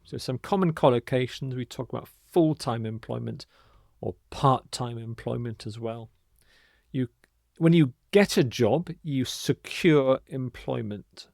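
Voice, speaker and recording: Male English teacher, mid-pitched, very slow and deliberate, emphatic pronunciation, dry close mic. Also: vocal fry, a little mellow, no echo. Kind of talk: vocabulary lesson.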